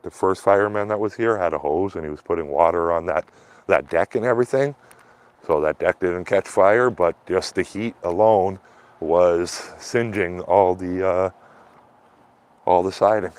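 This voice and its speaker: A man with a fairly low voice chats casually outdoors in a neighborhood, filming on a handheld phone. His talk is rambling and loose, full of fillers, restarts and half-finished thoughts. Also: smooth, no room sound. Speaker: street vlogger filming outdoors. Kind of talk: casual rambling vlog commentary.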